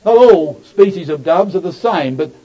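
A man's voice: high voice, expressive, moderate pace, mellow. A man preaching a sermon, addressing the listeners as brothers and sisters and rising to emphatic peaks on scripture. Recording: dull lo-fi recording.

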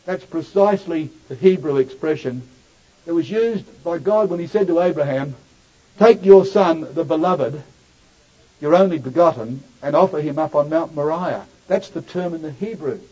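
A man's voice: on the high side, moderate pace, mellow. A man preaching a sermon, addressing the listeners as brothers and sisters and rising to emphatic peaks on scripture. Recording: dull lo-fi recording.

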